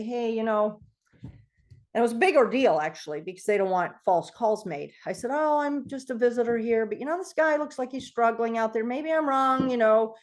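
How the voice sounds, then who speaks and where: A middle-aged woman telling a personal story to a group, animated and acting out the voices of the people in it. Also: a little high. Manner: animated storytelling, acts out quoted voices, laughs often. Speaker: guest speaker on self-healing.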